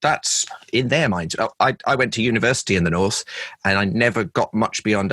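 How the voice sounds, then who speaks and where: A man's voice: lowish voice, fairly quick, fairly bright tone, slightly rough, no room sound, low-quality recording. A middle-aged comedian from London with a London accent, chatting in a podcast interview about his work, anecdotal and self-deprecating. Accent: London English. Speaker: comedian and former presenter, guest.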